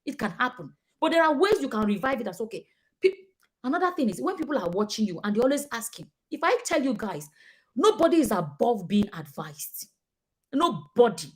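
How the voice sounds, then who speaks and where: A woman's voice: fairly high pitch, big pitch swings, brisk. A woman with a Nigerian accent giving casual, emphatic commentary to her viewers, acting out the people she quotes. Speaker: vlogger.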